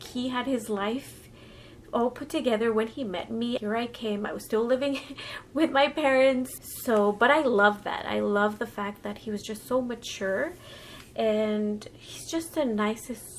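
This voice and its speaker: Slow, chatty woman vlogger in her thirties. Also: on the high side, a little hiss or hum. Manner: emotional, chatty, many fillers. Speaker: beauty vlogger. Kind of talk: chatty get-ready-with-me vlog.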